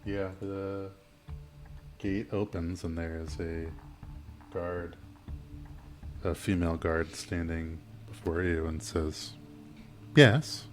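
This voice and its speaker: Slow, deep-voiced game master. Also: male voice, faint music behind. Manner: relaxed, halting with fillers. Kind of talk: narrating a tabletop game.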